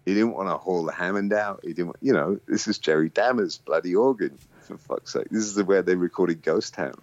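Deep-voiced man telling a sweary story. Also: a little fast, darkish tone, no room sound. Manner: swears freely, laughs often, acts out others' voices in high tones. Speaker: musician guest. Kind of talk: casual storytelling. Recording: dull lo-fi sound.

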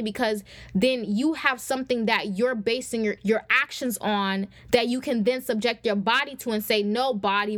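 A young woman talks her listeners through a faith lesson in a relaxed, conversational preaching style, often calling them "y'all." Her voice sits a little high. The recording is close and dry, with no room sound. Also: no echo. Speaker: podcast host. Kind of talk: faith-based teaching talk.

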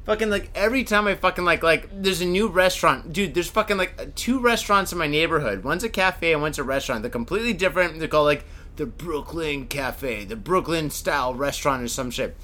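A man's voice: on the high side, brisk, sharp tone. A man co-hosting a casual podcast, rambling and swearing a lot, a bit tipsy from drinking. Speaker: podcast co-host. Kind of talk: casual chat. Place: Tokyo.

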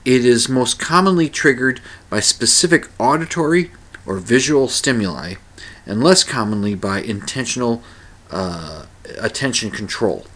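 A man's voice: medium pitch, animated, moderate pace, a bit bright. A middle-aged man hosting a podcast in a casual monologue, rambling with many fillers and restarts. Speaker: podcast host.

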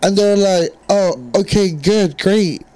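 A young woman in casual chat among friends, telling a story in an animated, profane way. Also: mid-range voice, slow pace, clear, resonant tone.

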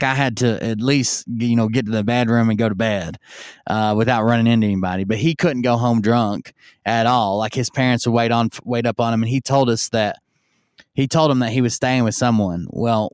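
A man tells a rambling, profane story in a relaxed streaming chat, slipping into other people's voices as he goes. His voice is smooth and resonant, and the sound is dry and close with no room echo. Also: medium pitch. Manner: rambling and profane, acts out yelled quotes. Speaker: streamer telling stories. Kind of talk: casual storytelling.

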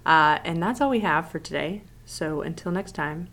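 A woman in her thirties co-hosting a podcast, telling stories in a chatty, animated way. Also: deep voice, normal speed, vocal fry, heavy background noise. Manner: chatty, animated storytelling with laughs. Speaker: podcast co-host. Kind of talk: casual chat.

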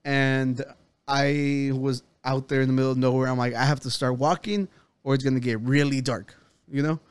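A man's voice: mid-range voice, steady tone, normal speed, clean tone, no echo. A man, a podcast co-host, telling a long story in casual chat, rambling, swearing and quoting himself and others.

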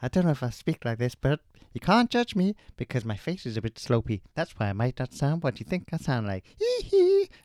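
A man's voice: medium pitch, wildly swooping pitch, a little fast, hardly any pauses, darkish tone, no room sound, clean studio sound. A man putting on a silly, sing-song impression of a young male pop star. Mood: goofy.

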